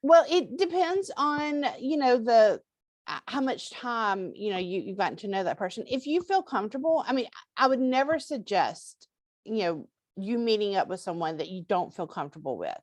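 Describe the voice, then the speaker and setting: A woman's voice: on the high side, very animated, moderate pace, no echo. A woman guest in a casual interview, bubbly and encouraging, laughing often as she gives advice.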